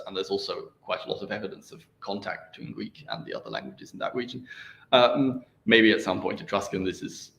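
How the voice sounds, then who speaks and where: A man's voice: lowish voice, gravelly, fairly bright tone. A young man presenting his research at an academic seminar, hesitant with many ums and restarts, over a video call. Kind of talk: academic seminar talk and answers. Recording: roomy, faint noise.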